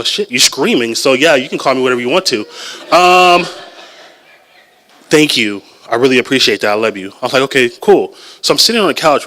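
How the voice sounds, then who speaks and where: A man telling a personal story live at a story slam, chatty and animated, often laughing at his own lines. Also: mid-range voice.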